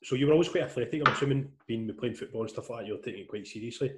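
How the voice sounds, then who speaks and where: A man with a mid-range voice hosts a casual chat. He talks fast and strings his questions together loosely, with plenty of fillers along the way. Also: medium pitch, very noisy. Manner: rambling, chatty questions with fillers. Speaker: podcast host, interviewer.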